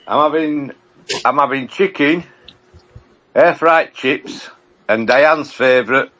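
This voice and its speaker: A man, a podcast regular, talking plainly in halting casual chat with many restarts. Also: mid-range voice, a bit bright. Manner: plain-spoken, halting, repeats himself.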